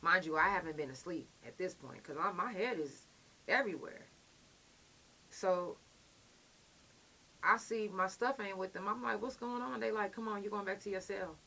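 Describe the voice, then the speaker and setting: A young woman tells a story casually and bluntly, full of profanity. She has a bright, ringing voice at middle pitch. She acts out the people she quotes with animation. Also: normal speed, creaky, long pauses, a little hiss or hum. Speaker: podcast host.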